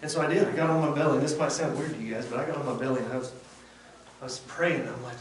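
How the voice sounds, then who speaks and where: A lay preacher gives a conversational devotional sermon in a very fast, mid-range voice, earnest and folksy in his plainspoken way. He's recorded from far off in a very echoey room with faint background noise.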